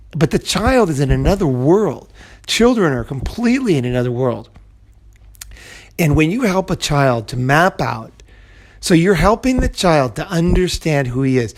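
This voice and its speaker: Gravelly-voiced man rambling through advice. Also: fairly high pitch. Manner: rambling, full of restarts and "you know". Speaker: self-help video host. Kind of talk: casual advice monologue.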